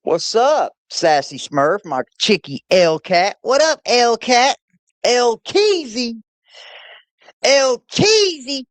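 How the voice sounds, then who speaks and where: A woman's voice: on the high side, very animated, slow pace, no room sound. A woman hosting a casual livestream, playfully greeting chatters by name one after another on a laptop mic. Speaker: livestream host.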